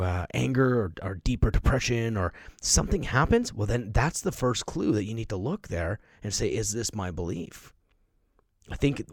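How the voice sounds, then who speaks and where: A man's voice: lowish voice, no echo, clean studio sound. A middle-aged man hosting a podcast, speaking emphatically in a motivational monologue and acting out the voices of people he quotes. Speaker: podcast host.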